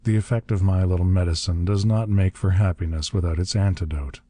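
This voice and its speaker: In an audiobook, a man reads a frail old ruler whose mild, benign calm hides cold menace. His voice is very low and dark, delivered briskly. The sound is close and dry, with no room sound.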